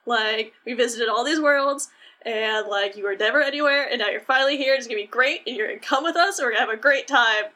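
A woman voicing an excitable, cheerful teenage boy hero from a video game, gushing in long eager run-ons. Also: a little high, fast. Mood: excited gushing.

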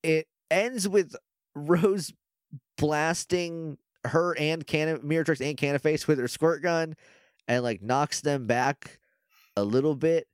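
A man's voice: a little high, takes it slowly, clear, resonant tone, no room sound, clean studio sound. A man co-hosting a podcast, casually retelling a show's episode and acting out the characters' lines. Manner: animated, acts out characters' lines while retelling. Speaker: podcast co-host. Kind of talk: casual chat recapping a show.

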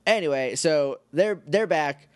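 A man's voice: a little high, expressive, a little slow, no echo, studio quality. A man co-hosting a podcast, chatting casually and joking as he rambles through a recap. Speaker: podcast co-host. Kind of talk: casual chat.

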